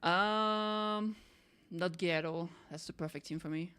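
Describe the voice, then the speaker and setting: A woman streamer chatting casually and excitably while she plays, silly and self-mocking. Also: on the low side, unhurried, clear, resonant tone. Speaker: gaming streamer. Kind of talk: casual gameplay commentary.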